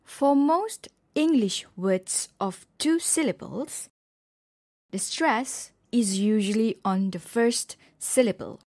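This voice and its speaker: A woman lecturing on English word stress at a very slow, careful pace, setting each example word apart with a pause. Her voice sits at an ordinary pitch. It is recorded close and dry, with no room sound. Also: animated, a little mellow, no echo. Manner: slow, deliberate, pausing between example words. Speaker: English pronunciation teacher. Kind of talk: scripted lecture narration.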